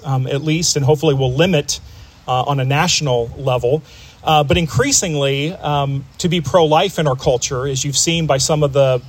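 A man preaching a sermon to a congregation in a conversational way, with frequent fillers and restarts. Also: fairly high pitch. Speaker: pastor.

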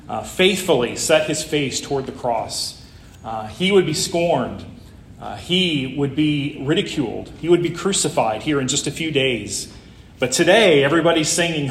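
A man's voice: on the high side, echoey room. A man preaching a Palm Sunday sermon, conversational and full of rhetorical questions. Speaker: pastor.

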